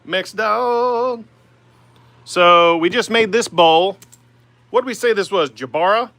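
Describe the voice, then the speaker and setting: A man's voice: sits high, slow, sharp tone, no echo. A man in his forties with an Oklahoma accent, hosting a livestream from his woodshop and chatting easily with viewers, full of "man" and "uh". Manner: easygoing, rambling, lots of "man" and "uh". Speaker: woodturning livestream host. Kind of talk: casual livestream chat answering viewer comments. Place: home woodworking shop by the lathe.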